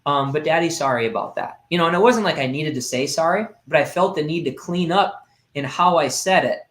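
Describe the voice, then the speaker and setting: A man's voice: on the high side, fairly bright tone. A man in his thirties talking casually in a podcast conversation, rambling with lots of fillers and restarts. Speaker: podcast host. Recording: roomy echo.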